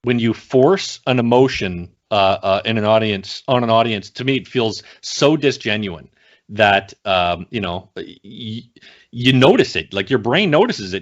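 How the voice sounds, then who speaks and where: A man's voice: on the low side, animated, moderate pace. A man co-hosting a casual podcast chat, blunt and profane, ranting with lots of restarts. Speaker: podcast co-host. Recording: slightly dull lo-fi home recording.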